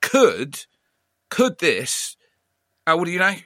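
Bristolian man, interview host, probing questions, bright voice, dry recording. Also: fairly high pitch, huge pitch swings, slow pace, no room sound. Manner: friendly, probing, fills with "yeah". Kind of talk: casual interview.

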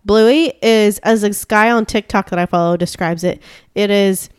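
A woman's voice: mid-range voice, moderate pace, smooth, no echo, clean studio sound. A woman co-hosting a casual chat show, gushing and chatty with lots of fillers and restarts.

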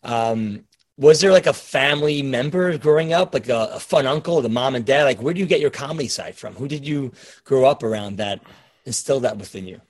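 A man's voice: mid-range voice, a little fast, slightly rough, dry recording. Man hosting a podcast, dry close sound. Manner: rambling questions with many fillers. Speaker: podcast host. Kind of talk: casual interview conversation.

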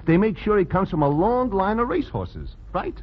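An actor playing an eager, earnest former boxer, pitching a scheme in 1940s radio acting. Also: male voice, huge pitch swings, normal speed, husky, full character voice. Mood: eager scheming. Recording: dull vintage radio recording.

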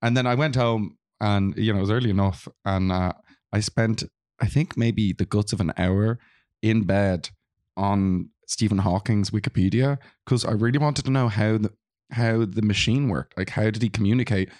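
A man's voice: fairly low pitch, fairly even intonation, moderate pace, darkish tone, dry recording, clean studio sound. A man with an Irish accent, co-hosting a casual film podcast, chatty and rambling. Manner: chatty, rambling with restarts and laughs. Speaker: podcast co-host. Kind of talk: casual chat.

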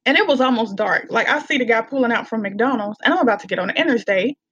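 A woman, a guest in a casual podcast chat, telling stories with lively energy and frequent laughter. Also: on the high side, fast, husky, no room sound. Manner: animated storyteller, laughs often. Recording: dull lo-fi sound.

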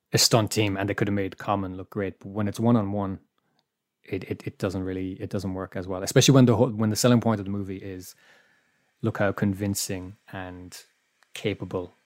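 A man's voice: lowish voice, fairly even intonation, normal speed, no echo, studio quality. A man chatting casually on a podcast, hesitant and searching for words.

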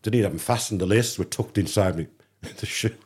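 A man's voice: on the low side, fairly quick, breathy edge. A middle-aged man from England, a podcast guest, telling a casual anecdote and acting out the dialogue. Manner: animated anecdote teller, acts out dialogue. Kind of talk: casual storytelling.

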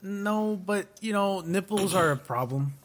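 A man co-hosting a casual comedy podcast, throwing in playful banter and quick remarks. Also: high voice, lively intonation, slight background noise. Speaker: podcast co-host.

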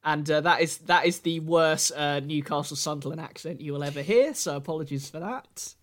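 A man's voice: a little high, fairly quick, fairly bright tone. A man co-hosting a laid-back, jokey music podcast. He talks in a playful way and slips into hammy showman announcements. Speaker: podcast co-host. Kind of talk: casual comedic chat about songs.

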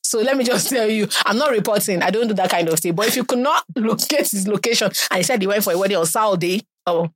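A woman's voice: medium pitch, quick pace, hardly any pauses, dry recording. Nigerian woman podcast co-host, casual teasing chat, dry close mic. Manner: teasing, animated storytelling.

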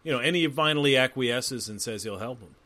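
A man's voice: mid-range voice, brisk, bright, forceful tone, no room sound. A man co-hosting a podcast, chatting casually about a movie, with lots of swearing and "like" fillers. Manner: swears a lot, fills with "like", acts out lines. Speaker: podcast co-host. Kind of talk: casual movie commentary chat.

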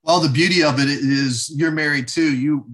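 A man's voice: fairly high pitch, fairly even intonation, moderate pace, a bit bright. A man who is a guest in an interview and a former military instructor, speaking in an upbeat, motivational coaching way. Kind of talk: conversational interview.

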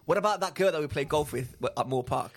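A man co-hosting a podcast in casual chat, excitable and animated, often stumbling over his words. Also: a little high, fast talker. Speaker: podcast co-host.

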